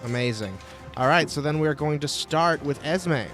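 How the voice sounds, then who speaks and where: A man's voice: fairly high pitch, moderate pace, fairly bright tone, soft background music. Male game master with a loose, casual delivery and a habit of cursing. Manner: casual and profane, with frequent filler sounds. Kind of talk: running a tabletop game.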